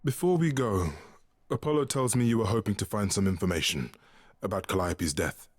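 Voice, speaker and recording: An actor playing a gentle, grieving male god of love in a video game, speaking softly and calmly with a husky voice. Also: on the low side, brisk, close to an everyday voice. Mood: calm, consoling. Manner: calm, consoling. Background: faint game music.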